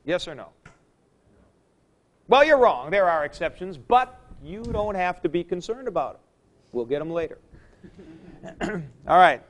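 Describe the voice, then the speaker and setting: Slow, high-voiced man teaching a class. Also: very animated. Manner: chatty, joking asides to students. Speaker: Greek teacher. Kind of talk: classroom lecture.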